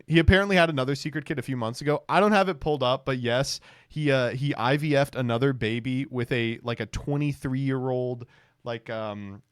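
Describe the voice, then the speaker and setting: A man's voice: mid-range voice, smooth, no echo, clean studio sound. A man streaming, giving casual, mocking reaction commentary in a rambling way.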